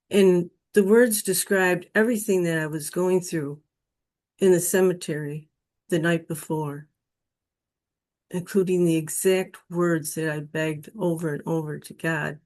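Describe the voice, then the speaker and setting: Slow-spoken woman sharing a testimony. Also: on the low side, steady tone, a little mellow. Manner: slow, earnest, emotional retelling. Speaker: guest telling her near-death experience. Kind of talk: personal testimony storytelling.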